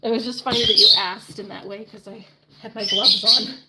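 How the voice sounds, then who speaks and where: Chatty livestreamer woman, giggly, loud background noise and chirping birds. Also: mid-range voice, fairly even intonation, brisk. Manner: chatty, giggly, baby-talks to her pet birds. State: briefly out of breath. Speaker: vlogger chatting with live viewers. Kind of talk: casual live-stream chat.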